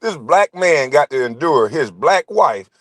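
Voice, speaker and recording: A man's voice: on the high side, very animated, unhurried, no echo. Foul-mouthed man on a trash-talking rant. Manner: confrontational, trash-talking, swears constantly. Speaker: channel host. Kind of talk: profane ranting monologue to camera.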